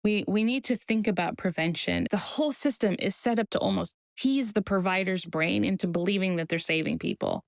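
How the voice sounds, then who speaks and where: A woman who works in maternity care, talking in a podcast interview and telling stories in a measured, deliberate way. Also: mid-range voice, vocal fry, dry recording. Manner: measured storyteller, slow deliberate phrasing. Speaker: guest, maternity care provider.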